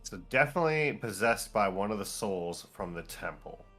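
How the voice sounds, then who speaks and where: A man's voice: lowish voice, expressive, a bit bright. A man playing a tabletop game, hesitant and full of ums as he decides what to do. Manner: slow, hesitant with many ums. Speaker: player. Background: faint background music.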